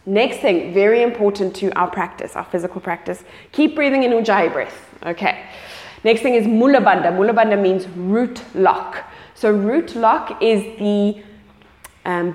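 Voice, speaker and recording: A woman's voice: medium pitch, a little mellow. Yoga teacher woman in an echoey studio. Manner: guiding, checks in with frequent "okay". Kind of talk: live yoga class instruction. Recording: echoey studio with long reverb.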